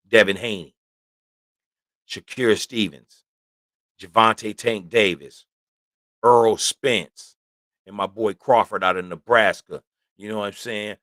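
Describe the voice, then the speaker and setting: A man's voice: lowish voice, pushed and bright, no room sound. Casual man talking boxing, dry sound. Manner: conversational, keeps saying "you know what I'm saying". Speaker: host. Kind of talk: casual sports talk.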